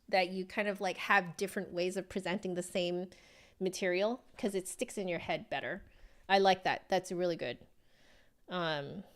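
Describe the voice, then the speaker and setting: A young woman, a flute teacher, casually reviewing a book and reading passages aloud with gushing enthusiasm. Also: fairly low pitch.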